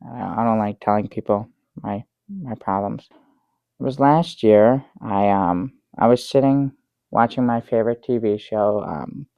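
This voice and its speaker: An actor playing a bumbling middle-aged guest who rambles through a tall tale with many restarts, in improvised sketch comedy. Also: male voice, on the low side, measured pace, clear, resonant tone, no room sound, lo-fi sound. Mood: dry, halting. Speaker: guest on a comedy talk show.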